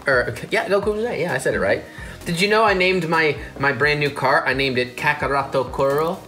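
A man's voice: a little high, a little fast, pushed and bright, faint music behind. A man hosting a casual toy unboxing with his partner, joking and poking fun at himself. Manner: goofy, joking, self-mocking. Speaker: host.

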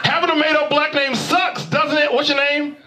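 A man performing a stand-up comedy set on a club stage, working the crowd and landing loud punchlines on a handheld mic. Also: very high voice, steady tone, moderate pace, over music. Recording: live club recording with crowd noise.

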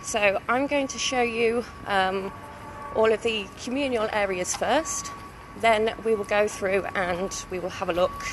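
Holding her phone to stream live, a British woman who runs student halls leads a walking tour in an unhurried, medium-pitched voice. She is friendly and chatty, saying "so" and "um" a lot. She begins on a city street outside the building and continues into its reception, with background noise throughout.

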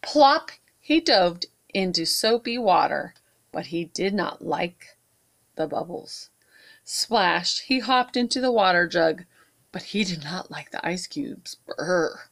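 Slow, expressive storytime reader, woman. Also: fairly low pitch, gravelly. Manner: warm, expressive read-aloud with asides to kids. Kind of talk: reading a picture book aloud to children.

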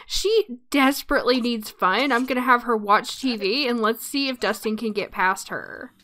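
A woman casually commenting on her life-simulation gameplay, chatty and quick to laugh. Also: a little high, sharp tone. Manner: chatty, laughs often, frequent ums. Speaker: let's play narrator.

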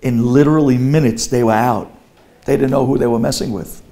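A man's voice: medium pitch, steady tone, brisk, mellow. A man, a rabbi, telling a story in a sermon, animatedly voicing the characters.

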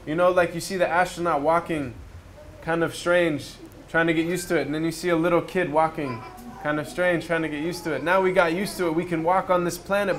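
A man with a fairly high, somewhat bright voice speaks at a riverside retreat outdoors, offering reflective spiritual thoughts through conversational stories and rhetorical questions for his listeners.

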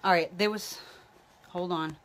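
A woman's voice: on the low side, steady tone, measured pace. A woman psychic medium giving live-streamed readings, chatting loosely and calling out viewers by name. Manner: talks while a baby tugs at her hair.

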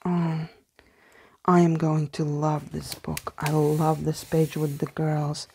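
A woman speaking English as a second language, chatting softly through a casual book haul vlog and slipping into hushed whispers of delight. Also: low-pitched, monotone, takes it slowly, creaky, a little hiss or hum. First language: not English. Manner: soft-spoken, often drops to a hushed whisper in awe; hesitant, with fillers and restarts. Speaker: vlogger.

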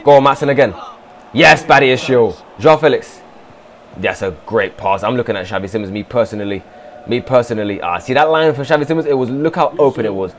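A man's voice: mid-range voice, fairly quick, crowd noise. A man streaming a football management game, cheering his players on and answering his own mock press conference as the manager. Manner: animated, shouts encouragement at players. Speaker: gaming streamer. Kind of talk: excited gameplay commentary.

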